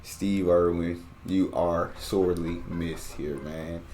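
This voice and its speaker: Low-voiced man reacting casually. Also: steady tone, slow pace, dark tone, a little hiss or hum. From United States. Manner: chatty, agreeable interjections. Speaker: reaction video host.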